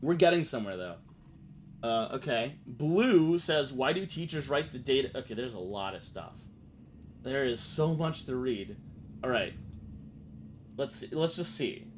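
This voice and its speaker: This time his pitch is medium, and he speaks a little slowly with frequent pauses, still animated. A faint hiss or hum persists. He swears freely and reacts aloud to what he reads during his let's-play stream.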